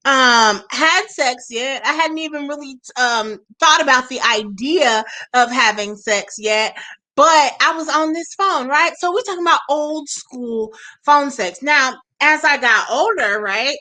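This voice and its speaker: Woman radio host in her forties, bright ringing voice, unhurried, chatty, laughs a lot. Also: high voice. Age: 40s. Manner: chatty, laughs often, addresses listeners directly. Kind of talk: casual chat.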